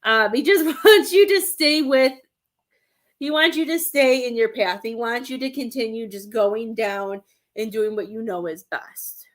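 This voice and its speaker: A woman's voice: a little high, unhurried. A woman doing a live-stream reading as a medium, talking in a rambling, hesitant way and searching for words. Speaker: psychic medium.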